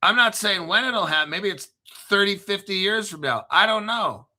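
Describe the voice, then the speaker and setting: A man's voice: high-pitched, expressive, moderate pace, pushed and bright. A man in his fifties hosting a crypto video, ranting casually in a blunt, profane, combative way and repeating himself for emphasis.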